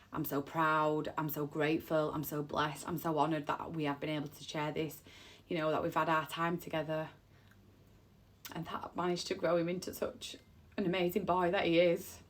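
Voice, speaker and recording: A woman with a low, level voice speaks at an ordinary pace. As an emotional mother of three telling a personal story, she's on the verge of tears, and her heartfelt account rambles with repeated phrases.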